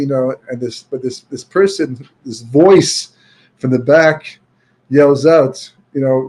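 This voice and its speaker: A man giving a Torah talk as a chatty storyteller, full of "you know" and restarts, sprinkling in Yiddish and Hebrew terms and turning loud and emphatic when he argues a point. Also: medium pitch, fairly even intonation, unhurried. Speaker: Torah speaker.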